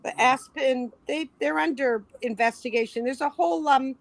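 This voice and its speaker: A woman guest advocate telling stories in relaxed, casual chat. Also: high voice, normal speed, gravelly, a little hiss or hum.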